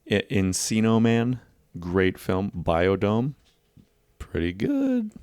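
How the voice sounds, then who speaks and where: A man's voice: on the low side, huge pitch swings, slow pace, darkish tone, clean tone, no echo. A man co-hosting a podcast in casual chat, laid-back and swearing freely. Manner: laid-back, swears often, slips into jokey voices. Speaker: podcast co-host.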